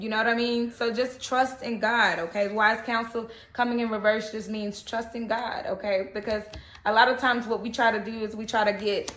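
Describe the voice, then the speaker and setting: A woman's voice: a little high, fairly even intonation, moderate pace, a bit bright. A woman giving a casual spoken tarot reading, chatty and reassuring, often checking in with "okay?". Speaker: tarot reader. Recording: echoey room.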